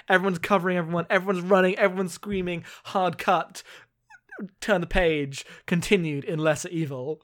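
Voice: mid-range voice, moderate pace. A podcast co-host chatting casually about a book, laughing a lot and swearing freely. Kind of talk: casual chat recapping a book.

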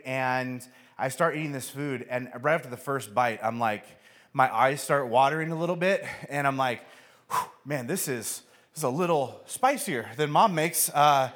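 A man preaching a sermon, telling a funny story with acted-out voices. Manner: storytelling, acts out voices with animated pitch jumps. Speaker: pastor.

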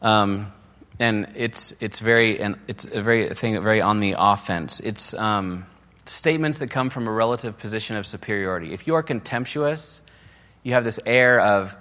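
A man's voice: fairly low pitch, moderate pace, fairly bright tone. Man preaching in a reverberant hall. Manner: casual and conversational, with fillers and restarts; acts out quoted criticisms in a raised, mocking voice. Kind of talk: conversational sermon.

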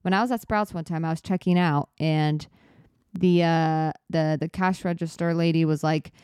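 Young woman podcast host, low voice, dry close mic; rambling, self-correcting storyteller. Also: fairly even intonation, moderate pace, a little mellow, clean tone, no room sound. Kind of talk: casual solo chat.

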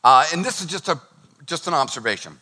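A middle-aged man preaches a sermon with a high, bright, forceful voice. He talks in an animated way and slips into the voices of the people he quotes. His delivery is that of a pastor speaking from the pulpit. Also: a little fast.

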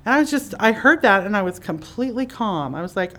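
A chatty woman hosting in front of a live audience, her voice sitting at a middle pitch. She explains things in a loose, conversational way, and she voices imagined thoughts with sudden, lively jumps in pitch. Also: brisk. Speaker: podcast host and psychic teacher. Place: conference room with a live audience.

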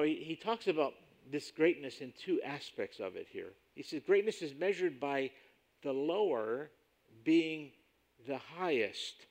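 A pastor preaching with a gravelly, creaky edge to his voice. He is emphatic and climbs sharply in pitch on key points. He slows right down when he reads scripture aloud. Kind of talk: sermon.

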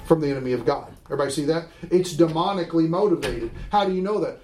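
A man's voice: fairly high pitch, quick pace, hardly any pauses, a little mellow, slight background noise. A man teaching a Bible class, emphatic and often asking the class questions. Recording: roomy room echo.

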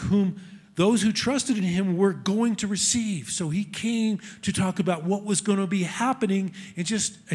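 A man preaching a sermon to a congregation in an earnest, rising and falling delivery. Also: high-pitched. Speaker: messianic congregation teacher. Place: congregation hall with screen.

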